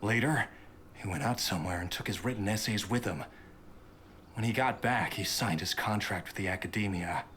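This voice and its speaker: An actor playing a bitter, resentful son in a game who talks coldly and grudgingly. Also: male voice, on the low side, moderate pace, fairly bright tone, slight background noise, close to an everyday voice. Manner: cold, grudging.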